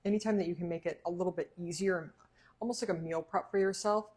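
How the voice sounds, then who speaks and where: Woman, cooking-stream host, low voice, chatty, laughs a lot. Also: steady tone, fast talker, darkish tone, breathy edge. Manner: chatty, laughs often, talks while eating. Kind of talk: casual livestream chat.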